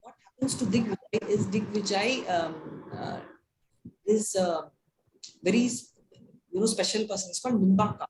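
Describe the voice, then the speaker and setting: A woman's voice: medium pitch, moderate pace. Chatty woman telling a devotional story. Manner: chatty, with many fillers and "right?" checks. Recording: noisy room recording.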